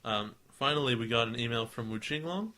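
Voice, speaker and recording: Young man, podcast co-host, dry joking banter, very sharp bright voice, medium pitch. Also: animated, fairly quick. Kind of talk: casual chat.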